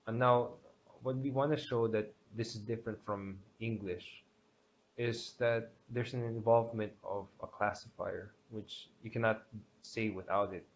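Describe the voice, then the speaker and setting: A man teaching a grammar lesson, explaining step by step with many pauses and restarts. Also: fairly low pitch, fairly even intonation. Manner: hesitant, many fillers and restarts. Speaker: language teacher. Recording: dull lo-fi sound with faint background hiss.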